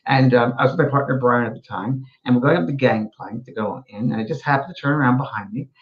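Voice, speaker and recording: A man hosting a livestream talk show, telling stories in an animated way with frequent restarts. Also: mid-range voice, fast talker, dull audio. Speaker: host. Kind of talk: casual chat on a livestream show.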